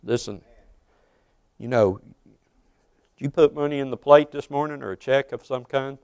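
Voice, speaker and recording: A man's voice: mid-range voice, measured pace, darkish tone, no echo. A man in his sixties preaching a sermon in a church, earnest and putting questions to his congregation. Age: 60s.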